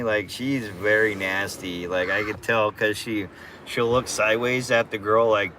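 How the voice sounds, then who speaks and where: Brief: relaxed male streamer, easygoing slangy chat, slow delivery, bright tone. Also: medium pitch, slight background noise. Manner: laid-back, chatty, slang-heavy. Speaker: live streamer. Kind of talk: casual live-stream chat.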